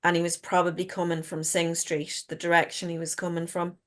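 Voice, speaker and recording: A woman's voice: lowish voice, level tone, fairly quick. A middle-aged woman, a guest author telling stories frankly in casual chat and swearing freely. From Ireland.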